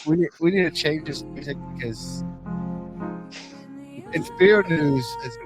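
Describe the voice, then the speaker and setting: A man's voice: on the high side, over music. A man co-hosting a podcast in casual chat, talking hesitantly. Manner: hesitant, halting.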